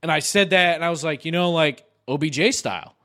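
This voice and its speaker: A young man in casual podcast chat, an animated storyteller who swears often and laughs mid-sentence. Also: on the high side, brisk. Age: young adult. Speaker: podcast host.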